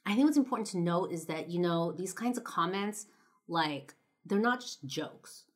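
A young woman from Los Angeles, United States, a vlogger, tells a personal story to camera at normal speed. Her voice is on the low side with lively intonation, and her manner is loose and chatty, heavy on "like" and "you know" with some blunt swearing.

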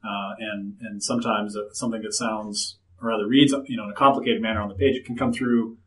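Quick-talking male writer. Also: fairly low pitch, flat delivery, poor audio. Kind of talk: panel discussion.

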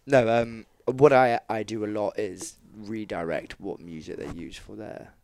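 A man's voice: fairly low pitch, measured pace, a little mellow, slight background noise. A man co-hosting a podcast, joking along and talking casually about his work. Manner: laughing easily, joking along. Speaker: podcast co-host.

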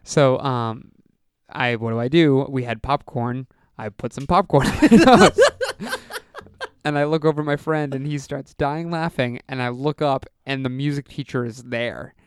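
Young man telling a story with a smooth voice. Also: medium pitch, fairly even intonation, moderate pace, no room sound, studio quality. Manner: storytelling with acted-out quotes and frequent "like". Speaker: podcast co-host. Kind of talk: casual chat, telling a school story.

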